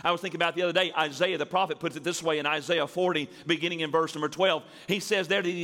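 A man's voice: a little high, fairly even intonation, fast, hardly any pauses, bright, forceful tone. A man preaching a sermon as pastor to a church congregation, building emphasis and stretching key words. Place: church sanctuary before a congregation. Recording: reverberant sanctuary hall.

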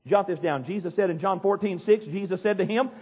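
A man preaching a fiery sermon as pastor, yelling and pounding the pulpit in a church. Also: high-pitched, fairly quick, husky. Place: church sanctuary. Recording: dull echoey church hall.

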